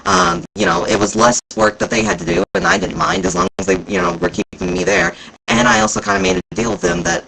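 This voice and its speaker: A man vlogging casually about a convention, rambling and excitable, with plenty of fillers. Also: high-pitched, fairly quick, vocal fry, breathy edge, low-quality recording. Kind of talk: casual chat recounting events.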